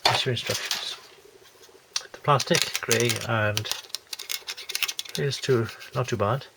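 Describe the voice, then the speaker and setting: Gravelly-voiced man reviewing a model kit. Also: medium pitch, takes it slowly, very noisy. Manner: rambling, hesitant with many fillers and restarts. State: has a lingering cold. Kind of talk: casual unboxing commentary.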